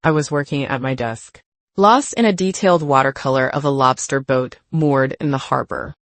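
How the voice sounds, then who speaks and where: An older woman narrating a first-person story in a measured, reflective way. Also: extremely low pitch, no echo.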